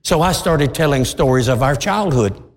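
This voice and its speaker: A man preaching a sermon through an animated story, acting out the voices of everyone in it. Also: fairly high pitch, moderate pace, long reverb tail. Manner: animated, acts out every voice in his stories.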